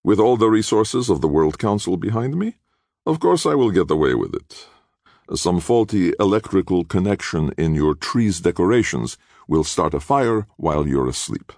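A man voicing a cynical, scheming Italian villain, smooth and mocking in an audiobook. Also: deep voice, very animated, normal speed, darkish tone, no echo, studio quality, pitched above the performer's own voice, heavily acted. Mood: sneering.

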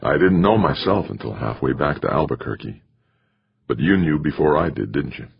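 A man reading a quiet, brooding astronaut. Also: very deep voice, lively intonation, moderate pace, creaky, breathy edge, no room sound, highs cut off, exaggerated voice. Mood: earnest. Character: brooding, guilt-ridden male astronaut.

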